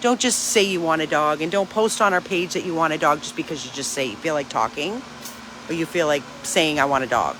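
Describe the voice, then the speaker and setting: A woman's voice: low-pitched, fairly quick, noisy background. A woman who runs a dog rescue, talking to her followers outdoors in an earnest, emphatic, chatty way. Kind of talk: casual vlog to followers.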